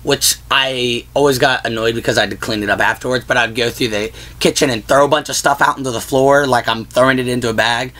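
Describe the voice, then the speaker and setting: Dude chatting about movies on his channel, rambly, lots of "like", regular pitch. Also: fairly even intonation, fast, hardly any pauses, pushed and bright. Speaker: vlog host. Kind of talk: casual movie-list chat.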